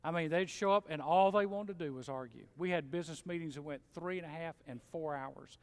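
A middle-aged man preaching a sermon in a church, folksy and animated, mimicking grumblers. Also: on the high side, fairly quick. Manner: animated, folksy, mocks complainers in mimicking voices. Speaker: pastor. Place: church sanctuary. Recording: long hall reverb.

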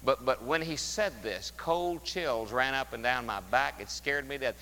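A man preaching a sermon as pastor, emphatic, rising loud and dropping to a hush. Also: mid-range voice, normal speed, long reverb tail, slight background noise, low-quality recording. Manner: emphatic, swings from loud to hushed. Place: church sanctuary.

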